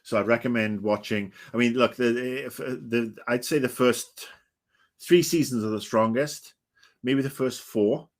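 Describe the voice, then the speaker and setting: A man's voice: mid-range voice, measured pace. A man in his fifties hosting a livestream, chatting in a rambling, grumpy, swearing way full of ums and uhs. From Britain. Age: 50s. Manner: rambling, grumpy and profane, with many fillers. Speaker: livestream host. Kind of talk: casual chat.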